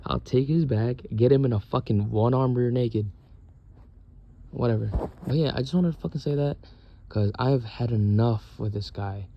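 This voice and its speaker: Gravelly young man ranting profanely. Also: mid-range voice, moderate pace, dull audio, slight background noise. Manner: profane, exasperated venting. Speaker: military service member. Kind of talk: casual rant.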